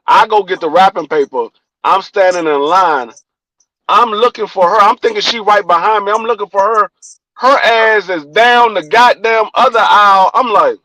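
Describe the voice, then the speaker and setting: A young man with a high, light voice and a D.C. accent, telling a long story on a podcast. He acts out the quoted lines of each person, with plenty of swearing. The recording is close and dry, with no room sound. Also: normal speed, no echo, rough recording. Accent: Washington, D.C. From Washington, D.C. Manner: animated storyteller acting out quoted dialogue, profane. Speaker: podcast co-host. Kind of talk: casual chat, storytelling.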